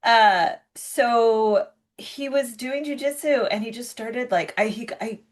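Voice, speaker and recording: A woman in her thirties with a fairly high voice speaks slowly while co-hosting a podcast, chatting casually and telling stories. She rambles, packing in lots of fillers and restarts.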